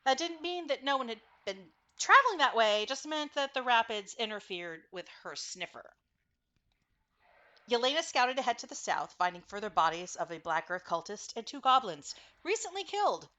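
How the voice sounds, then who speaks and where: A woman's voice: on the high side, sing-song, moderate pace, pushed and bright. A woman narrating a tabletop game as game master, recapping with frequent fillers and self-corrections.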